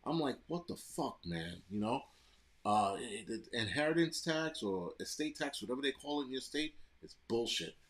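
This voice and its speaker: A man's voice: mid-range voice, expressive, moderate pace, fairly bright tone. A man from the United States hosting a live stream, ranting bluntly and profanely while answering chat comments. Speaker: livestream host reading chat.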